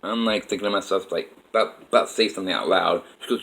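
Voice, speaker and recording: A man's voice: low voice, fast, hardly any pauses, a bit bright, rough recording. A man telling a personal story in a rambling, emphatic way with many fillers.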